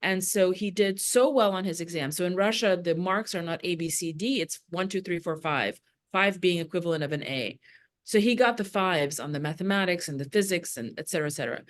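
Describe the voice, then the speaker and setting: A woman's voice: lowish voice, fairly quick. A woman from the former Soviet Union, a guest on a podcast, earnestly telling family stories and repeating words as she explains. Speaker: podcast guest, Jewish educator. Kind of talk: conversational storytelling.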